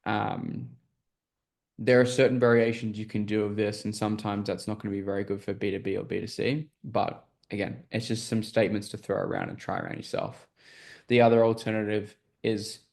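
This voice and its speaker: Low-voiced male sales coach explaining. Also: steady tone, moderate pace, creaky, a little mellow. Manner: explanatory, filler-heavy, checks understanding often. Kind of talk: coaching call teaching.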